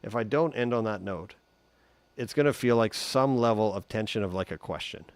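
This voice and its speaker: A man giving a relaxed, chatty guitar lesson on a live stream, humming note sounds as he explains. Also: on the low side, moderate pace, no room sound. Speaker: guitar teacher.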